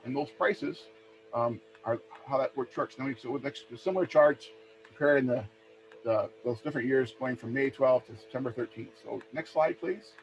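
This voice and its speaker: A man from Minnesota, calmly presenting price charts in a webinar and asking for each next slide. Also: mid-range voice. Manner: plain, steady walk-through of price charts, asks for next slide often. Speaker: extension educator presenting a webinar. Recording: dull lo-fi webinar audio with faint hum.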